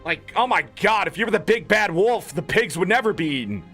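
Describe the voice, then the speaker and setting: Man, high voice, bright and sharp tone, blunt opinionated game commentary, swearing, faint music behind. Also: expressive, fairly quick. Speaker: gaming content creator. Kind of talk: patch notes commentary.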